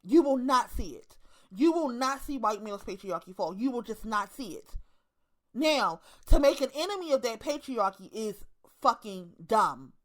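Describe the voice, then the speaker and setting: Woman, 30s, Baltimore accent, slightly high voice, blunt, profane monologue with lots of repetition. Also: lively intonation, moderate pace, fairly bright tone. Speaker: online commentator. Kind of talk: casual monologue to camera.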